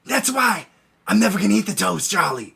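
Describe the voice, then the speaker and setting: A man doing an impression of a short, gravelly older male actor, almost whispering with gravel underneath. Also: high-pitched, big pitch swings, brisk, a crowd in the background, heavily acted. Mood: grumbling.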